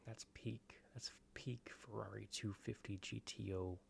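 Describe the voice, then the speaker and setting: A man hosting an ASMR gaming video, rambling in soft-spoken commentary that drifts between a quiet voice and whispers. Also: fairly low pitch, fairly even intonation, unhurried, creaky, a little hiss or hum.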